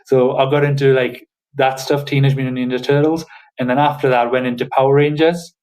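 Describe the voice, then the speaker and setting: Hesitant guest with a northern English accent. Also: male voice, mid-range voice, brisk, rough recording. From Newcastle, northeast England. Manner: hesitant, full of fillers, relaxed. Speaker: podcast guest. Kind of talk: casual podcast chat.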